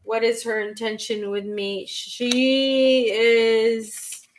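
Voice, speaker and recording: A woman doing a live-stream tarot reading, reading chat questions aloud and answering them in a halting way, with frequent restarts. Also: a little high, level tone, slight background noise, low-quality recording. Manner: slow and unhurried. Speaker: tarot reader.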